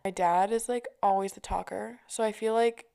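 A woman's voice: medium pitch, steady tone, moderate pace, creaky, mellow, clear, resonant tone. A young adult woman telling stories in a casual chat, swearing freely and filling her talk with "like". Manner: chatty storyteller, swears freely, many fillers. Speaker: vlogger.

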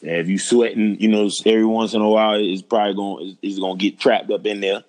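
A man's voice: lowish voice, flat delivery, fast, a little mellow. A man co-hosting a casual group chat, easygoing and rambling, teasing the others. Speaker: podcast co-host.

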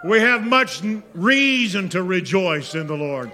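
A man preaching a sermon as pastor, moving between hushed, intimate prayer and loud, impassioned exhortation. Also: sits high, big pitch swings, measured pace, hardly any pauses. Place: church sanctuary. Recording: long reverb of a large hall.

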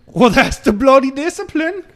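A man's voice: very high voice, sing-song, drawn-out words, a bit bright, pitched above the performer's own voice, exaggerated voice. A man putting on a cool British-slang career thief. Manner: mock British accent, slangy, swears. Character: cool, hardened male career thief, calm and blunt. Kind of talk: comedic screen read.

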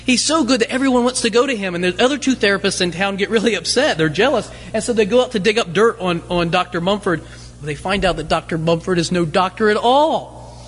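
A man's voice: high-pitched, a little fast, fairly bright tone, a little hiss or hum. A man preaching a sermon as pastor, conversational, full of rhetorical questions and light humorous asides. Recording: long hall reverb.

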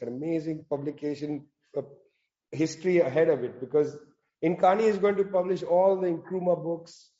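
A man's voice: fairly high pitch, warm tone, lo-fi sound. A man giving an impassioned political talk, emphatic with sarcastic asides. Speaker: speaker at a public talk. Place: in South Africa.

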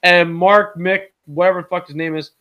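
A man with a high voice chats loosely about a film, rambling between thoughts and laughing often. He swears freely and breaks into mocking impressions. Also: fairly even intonation, normal speed, lo-fi sound. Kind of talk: casual movie review chat.

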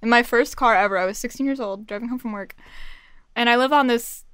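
A woman co-hosting a podcast, telling an animated story in casual chat and laughing through her lines. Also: mid-range voice, brisk, clear, resonant tone, no echo. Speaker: podcast co-host.

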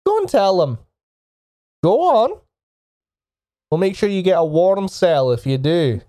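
A man's voice: high-pitched, sing-song, unhurried, dark tone, no room sound, studio quality, voice pushed up. A man voicing a mocking, bossy guard sergeant in a tabletop game, taunting in a raised, swooping voice. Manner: mocking sing-song taunts, curt orders.

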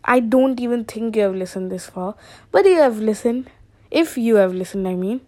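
A woman's voice: on the high side, normal speed, mellow, no room sound. A young woman from India talking alone at home at night into a phone voice memo, chatty and self-deprecating, jumping between topics. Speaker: solo podcaster. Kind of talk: rambling casual monologue.

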